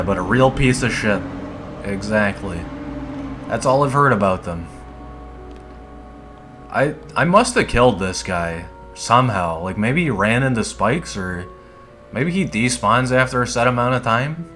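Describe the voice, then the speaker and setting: A man's voice: medium pitch, expressive, unhurried, long pauses, a bit bright, faint music behind. A man casually chatting while he plays a game, rambling and laid-back and swearing often. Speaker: streamer playing a dungeon game. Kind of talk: casual gameplay commentary.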